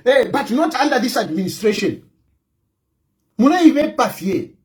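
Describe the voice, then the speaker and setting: A man's voice: very high-pitched, sing-song, moderate pace, pauses often. A Zambian man, a politician, delivering a combative, mocking political rant and repeating his lines defiantly. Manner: defiant, repetitive, mocking, bursts of shouting.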